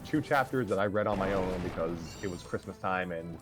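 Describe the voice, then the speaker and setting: A man with a fairly low voice hosts a casual livestream chat. He rambles and pokes fun at himself as he talks about his writing. Music plays clearly in the background. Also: fairly quick. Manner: rambling, self-deprecating. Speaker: host and story writer.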